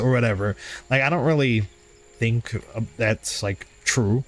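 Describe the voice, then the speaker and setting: A man's voice: medium pitch, very animated, normal speed, fairly bright tone. A man hosting a livestream and chatting candidly with viewers, swearing freely and being hard on himself. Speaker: livestream host. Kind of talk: casual stream chat.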